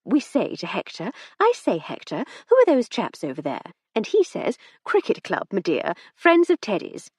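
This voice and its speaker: A woman's voice: mid-range voice, wildly swooping pitch, normal speed, hardly any pauses, a little mellow, slightly rough, no echo, studio quality, pitched above the performer's own voice. A woman voicing a witty aristocratic lady in an audiobook, wry and arch. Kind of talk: audiobook character reading.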